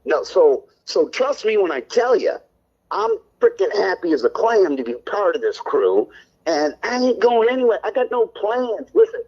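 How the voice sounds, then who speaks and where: A man's voice: high voice, big pitch swings, moderate pace, darkish tone, muffled recording. A man co-hosting a call-in stream show, ranting on air in a brash, defensive and profane way. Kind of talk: heated on-air rant.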